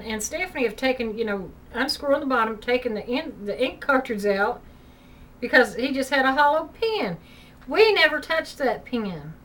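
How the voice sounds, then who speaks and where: Her voice a little high with a sharp edge, a woman vlogs from home, telling a ghost story in a loose, casual way and saying "you know" constantly. The mic sits at a distance, leaving a faint hiss behind her.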